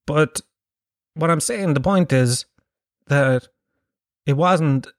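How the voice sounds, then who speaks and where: A man's voice: fairly high pitch, slow pace, no echo, studio quality. An Irish man with a Kerry accent, telling a rambling, self-mocking story and swearing freely. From Ireland. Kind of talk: storytelling monologue.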